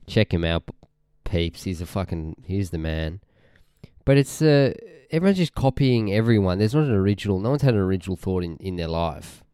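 Low-voiced young Australian man ranting. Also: lively intonation, fairly quick, warm tone, smooth, no echo, studio quality. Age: young adult. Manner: rambling, irritated, sweary, often trails off mid-sentence. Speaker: podcast host. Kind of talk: casual ranting monologue.

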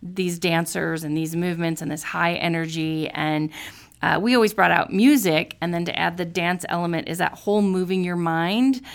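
A woman's voice: on the low side, moderate pace, vocal fry. A woman hosting a podcast, chatting in an upbeat, encouraging way and giggling now and then. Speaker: podcast host. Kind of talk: casual motivational podcast chat.

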